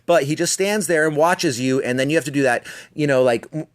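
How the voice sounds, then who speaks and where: A man's voice: a little high, a little fast. A man hosting a podcast, telling a story in a profane, rambling, self-mocking monologue and slipping into voices for people in it. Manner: slips into voicing people in his anecdotes. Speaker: podcast host.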